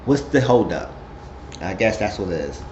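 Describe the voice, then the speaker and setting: A man's voice: animated, moderate pace, a little mellow. A man recapping a reality show episode in casual, gossipy storytelling. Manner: chatty storytelling, puts on high voices quoting people. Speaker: recap vlogger. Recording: roomy, dull lo-fi sound with faint hiss.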